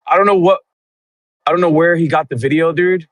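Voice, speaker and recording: A man's voice: on the high side, brisk, a bit bright, no echo. Rambling slangy man on a voice call. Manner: rambling, loose, slangy, says bro and dude a lot. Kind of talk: casual chat on a voice call.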